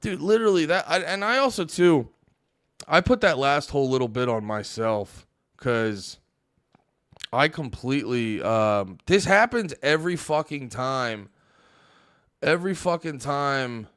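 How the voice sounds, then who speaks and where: A man's voice: mid-range voice, animated, measured pace, fairly bright tone, dry recording, clean studio sound. A young man hosting a livestream, ranting and swearing heavily as he talks back to his chat. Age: young adult. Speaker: livestream host. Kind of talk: casual stream commentary reacting to chat.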